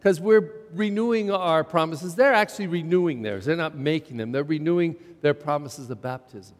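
A man's voice: fairly high pitch, moderate pace. A middle-aged male pastor preaching a sermon in a church, repeating phrases for emphasis and asking the congregation rhetorical questions. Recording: church sermon with long reverb.

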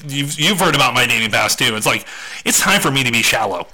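Bright-voiced joking podcast man. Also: mid-range voice, expressive, quick pace, low-quality recording. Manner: crude, joking, laughs often. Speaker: podcast co-host. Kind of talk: casual podcast chat.

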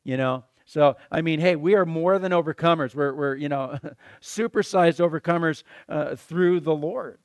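A man hosting a Christian talk show, talking in a rambling, excitable way, repeating words and calling things crazy. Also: fairly high pitch, normal speed, no room sound, clean studio sound. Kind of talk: casual conversational preaching.

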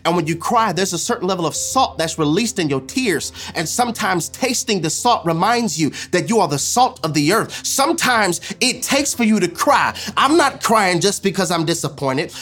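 A man preaching a sermon as pastor, repeating lines and swinging from loud declarations to hushed asides. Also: high-pitched, lively intonation, normal speed, few pauses, faint music behind.

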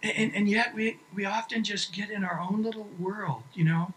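Earnest pastor preaching. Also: male voice, sits high, steady tone, moderate pace, fairly bright tone, slight background noise, poor audio. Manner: earnest, repeats words, frequent restarts. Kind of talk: sermon.

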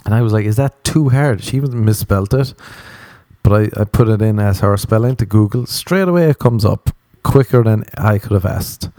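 A man rants through a comedic podcast monologue, crude and sarcastic, swearing freely. His voice sits low and mellow. The sound is dry and close, with no room around it. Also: fairly quick, dry recording. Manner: crude ranting, profane, sarcastic. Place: Los Angeles home recording.

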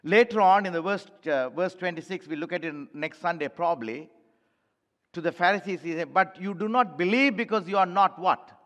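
A male pastor delivers an emphatic sermon, his voice sitting high for a man. He speaks straight to the congregation, calling them church. The sound carries a long reverb from a large sanctuary. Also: moderate pace, fairly bright tone.

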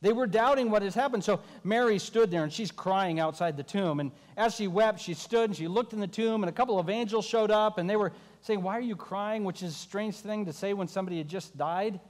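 A man's voice: high voice, fairly quick, hardly any pauses, big-room sound. A man preaching a sermon as a pastor, telling the story with wry asides.

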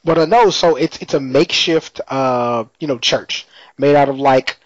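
A man's voice: mid-range voice, normal speed, dry recording. Laid-back slangy man, dry muffled sound. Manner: slangy, laid-back storytelling with frequent laughs. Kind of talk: casual chat recapping a TV episode. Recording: dry, slightly muffled lo-fi audio.

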